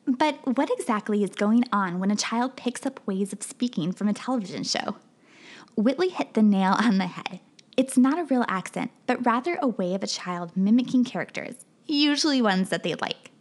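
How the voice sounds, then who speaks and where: A woman reporter giving scripted news narration in a clear, steady delivery. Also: mid-range voice, moderate pace.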